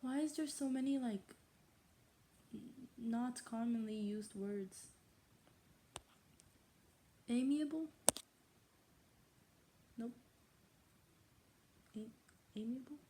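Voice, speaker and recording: Female vlogger, mellow tone, doing a playful mock English accent while reading, halting and self-questioning. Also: fairly high pitch, slight background noise. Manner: stumbles over old words, stops to question pronunciation. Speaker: vlogger reading a novel aloud. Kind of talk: casual read-aloud with asides.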